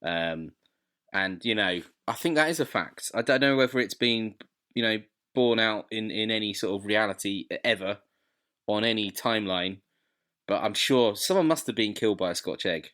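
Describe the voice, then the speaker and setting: A man's voice: fairly low pitch, normal speed, a bit bright. A man co-hosting a podcast in casual chat, rambling and drifting off on tangents. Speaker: podcast co-host.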